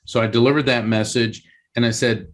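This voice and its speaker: A man, a guest on a podcast, telling a long story in an animated way, with sudden jumps in pitch and halting restarts. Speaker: guest medium and author.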